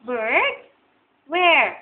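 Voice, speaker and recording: A woman's voice: sits high, big pitch swings, very slow. A woman with a Filipino accent talking to her pet at home in coaxing, repetitive, sing-song commands, recorded on a phone camera. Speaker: pet owner. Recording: tinny lo-fi phone video with faint hiss.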